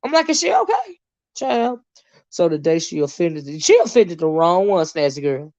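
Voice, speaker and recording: A woman host ranting on a live stream, swearing heavily and swinging between shouts and mutters. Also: very animated, normal speed, no echo, muffled recording. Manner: profane, heated, swinging pitch. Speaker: online commentator.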